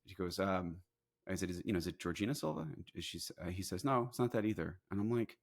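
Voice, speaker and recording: A middle-aged man, a guest on a podcast, telling stories in a lively, casual way and laughing often. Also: sits low, fast talker, vocal fry. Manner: animated storyteller, laughs often. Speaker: guest, company CEO.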